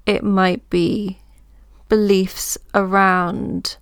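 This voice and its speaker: A woman coach hosting her own podcast, talking through ideas in a gentle, reassuring way, as if thinking aloud. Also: mid-range voice, little pitch movement, very slow, clear, resonant tone, no echo, studio quality. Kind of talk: reflective solo podcast talk.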